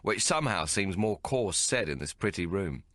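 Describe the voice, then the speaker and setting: A man narrating an audiobook in the first person, measured and descriptive. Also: sits low, animated, fairly bright tone, no room sound, clean studio sound.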